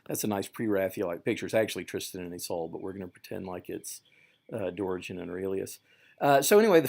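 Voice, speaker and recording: A man giving a classroom lecture on a medieval poem, paraphrasing passages in a conversational, animated way with many fillers and restarts. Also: fairly low pitch, gravelly. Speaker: literature lecturer.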